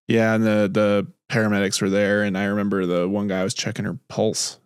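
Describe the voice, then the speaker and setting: A man's voice: lowish voice, level tone, brisk, clear, resonant tone, no echo, clean studio sound. A man hosting a podcast, chatting casually and laughing easily, then reading his own short story aloud. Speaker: podcast host.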